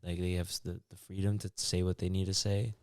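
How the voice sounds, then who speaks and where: A man's voice: low-pitched, flat delivery, fairly quick, a little mellow, clean tone, no echo, clean studio sound. A young man co-hosting a podcast, talking in a thoughtful, laid-back way with many likes. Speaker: podcast co-host. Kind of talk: casual reflective chat.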